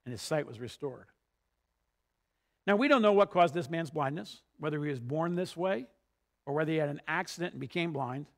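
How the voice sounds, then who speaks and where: A man's voice: on the high side, animated, brisk, vocal fry. A male pastor preaching a sermon, retelling a story and building to emphatic peaks.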